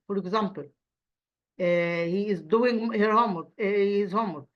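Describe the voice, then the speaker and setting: A woman whose first language is Arabic, teaching an English grammar lesson, repeating model sentences slowly with frequent fillers and restarts. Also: medium pitch, highs cut off.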